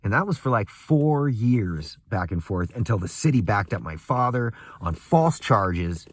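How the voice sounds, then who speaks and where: Young man, low voice, bitter profane ranter, very animated pitch, dry close sound. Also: breathy edge, dry recording. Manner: angry, profane, bitter laughter; swings from muttering to raised voice. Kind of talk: casual rant.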